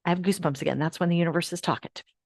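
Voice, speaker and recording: A woman hosting a live online class, guiding listeners through affirmations in a coaching manner that moves between hushed and lively. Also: fairly low pitch, very fast, no room sound, studio quality. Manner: warm coaching, swings from hushed to animated. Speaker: host of an uplift program.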